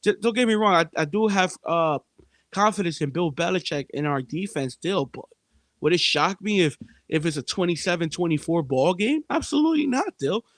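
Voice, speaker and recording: A man with a high, lively voice co-hosts a sports betting show in casual chat. He talks emphatically, circling back on his points and calling out to his listeners. The recording is dry and close. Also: normal speed, no room sound. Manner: emphatic, repetitive, addresses listeners as "people". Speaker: sports betting podcast co-host.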